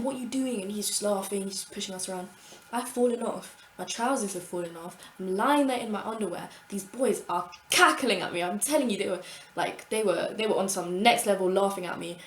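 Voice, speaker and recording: Woman vlogger, young adult, lively storytime delivery, roomy echo, faint hum behind. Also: mid-range voice. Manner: animated, swears freely, acts out her own past thoughts. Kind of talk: casual storytime monologue.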